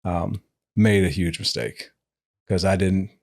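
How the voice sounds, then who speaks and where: A man in his forties, a football coach guest on a podcast, telling an animated story, acting out the dialogue and laughing as he goes. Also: low voice, slow pace, no room sound, studio quality. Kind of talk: conversational storytelling.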